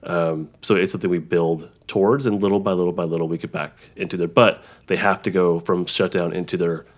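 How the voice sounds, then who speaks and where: A man who works as a therapist, explaining ideas in a halting conversational way, with frequent restarts and examples. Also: low-pitched, fairly even intonation. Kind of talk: conversational interview.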